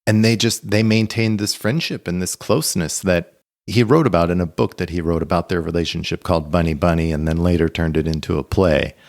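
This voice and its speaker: A man co-hosting a podcast in an easygoing chat. His voice sits a little low, and he rambles his way through anecdotes with many fillers and restarts. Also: a little fast. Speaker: podcast co-host.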